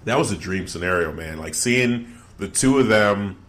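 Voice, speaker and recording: Low-voiced man in rambling wrestling chat. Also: normal speed. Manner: relaxed, rambling with many fillers. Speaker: podcast co-host.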